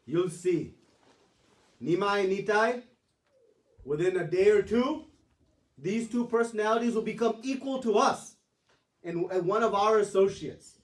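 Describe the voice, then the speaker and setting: A man playing an amused elder sage who teases gently and then reassures. His voice runs high. The recording is roomy and distant. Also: animated, a little slow, long pauses. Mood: teasing. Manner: teasing, reassuring.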